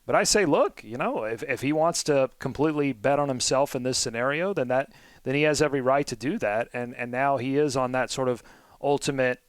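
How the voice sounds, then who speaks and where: Smooth-voiced man, rambling co-host. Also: mid-range voice, a little fast, no room sound. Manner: rambling, self-deprecating, many fillers and restarts. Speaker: podcast co-host. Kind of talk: casual sports podcast chat.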